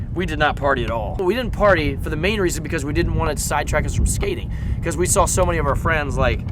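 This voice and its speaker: A young man from Southern California, a skateboarding vlogger telling stories in a chatty, animated way full of fillers. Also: fairly high pitch, background noise. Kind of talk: casual storytelling vlog.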